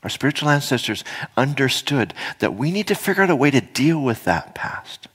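A man's voice: mid-range voice, sing-song, normal speed, a bit bright, breathy edge. A man in his fifties speaking earnestly and reflectively to a gathering, sharing personal experience. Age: 50s. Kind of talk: reflective spoken talk to an audience.

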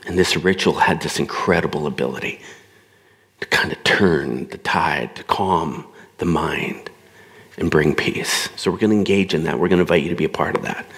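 A man's voice: very deep voice, normal speed, fairly bright tone, long reverb tail. A man preaching a sermon in a conversational way, acting out the voices he quotes. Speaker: pastor.

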